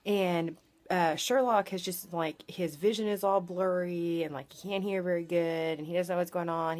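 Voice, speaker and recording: Chatty young woman retelling a movie. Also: fairly low pitch. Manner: chatty, filler-heavy retelling with lots of "like" and swearing. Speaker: vlogger. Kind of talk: casual movie recap.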